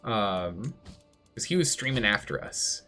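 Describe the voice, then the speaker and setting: A man's voice: on the low side, sing-song, unhurried, pushed and bright, faint music behind. A man streaming a strategy game live, chatty, thinking aloud and answering chat as he plays. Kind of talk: live gameplay commentary.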